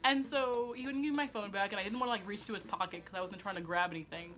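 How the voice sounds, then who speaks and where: A young woman vlogger tells a personal story at a racing pace in a medium-pitched, fairly bright voice, with faint music behind her. She's chatty and profane, uses "like" constantly, and laughs at herself in a self-mocking way.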